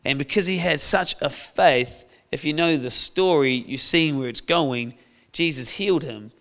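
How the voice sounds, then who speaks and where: A man preaching a sermon, telling a Bible story in a playful, lively way. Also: on the high side, measured pace. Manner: storytelling, playful, acts out characters with shouts.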